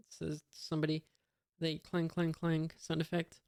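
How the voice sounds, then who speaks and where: A reader reading a comic aloud in a monotone, reading out sound effects and punctuation with many hesitant fillers. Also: mid-range voice, unhurried, smooth, dry recording, studio quality.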